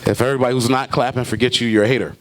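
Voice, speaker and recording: A man doing a stand-up comedy set, jokey and animated, acting out characters in loud bursts. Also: mid-range voice, rapid-fire, slight background noise. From Brooklyn, New York.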